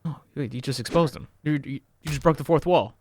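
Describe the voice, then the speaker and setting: Man, reaction host, fairly high voice, sarcastic, swearing, jokey running commentary. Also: quick pace, darkish tone, a little hiss or hum. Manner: sarcastic, profane and joking. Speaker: host reacting to an old film.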